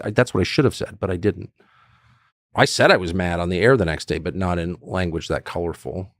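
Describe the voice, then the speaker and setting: Emphatic middle-aged man, gravelly voice. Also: low voice, fairly quick, no echo. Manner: emphatic, acts out quoted voices; blunt, swears. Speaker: political commentator. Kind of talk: animated podcast conversation.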